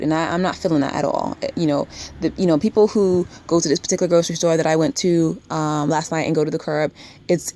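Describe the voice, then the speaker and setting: A woman's voice: fairly low pitch, warm tone. A young woman vlogging casually to her camera, emphatic and rambling, with many fillers and restarts.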